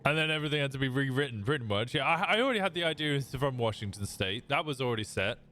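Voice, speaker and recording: A man's voice: medium pitch, lively intonation, rapid-fire, pushed and bright. A young man with an English accent chatting casually on a live stream while gaming, rambling and self-mocking, breaking into laughs and the odd curse.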